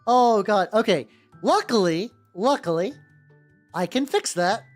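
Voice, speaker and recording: A man's voice: sits high, expressive, measured pace. A man streaming while painting miniatures, chatting casually and stumbling over words as he corrects himself. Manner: rambling, stumbling self-corrections. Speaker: VTuber streamer. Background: soft background music.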